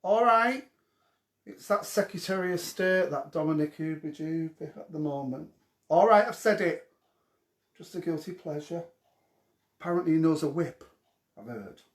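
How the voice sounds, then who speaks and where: A man's voice: a little high, animated, moderate pace, long pauses. Cheeky man hosting a live Q&A. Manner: cheeky, gossipy banter with viewers. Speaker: host of a live viewer question show. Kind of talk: casual live Q&A chat. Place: at home during lockdown. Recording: echoey room.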